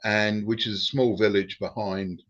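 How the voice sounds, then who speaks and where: An older British man, a former racing driver, tells cheeky, relaxed anecdotes with casual swearing on a live stream. His voice is fairly low at normal speed, captured in a dull lo-fi recording.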